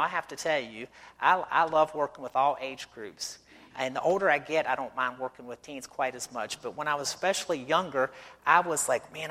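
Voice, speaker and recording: A middle-aged missionary preaches in a church sanctuary, telling stories conversationally and posing rhetorical questions. His voice is a little high, bright and forceful, with a big-room sound.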